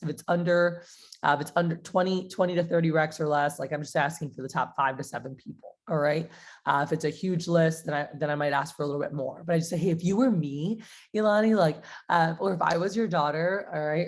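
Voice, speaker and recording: Chatty young woman with a lowish voice. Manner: chatty, acts out phone calls in a bright higher voice. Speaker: sales trainer. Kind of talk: casual sales training talk.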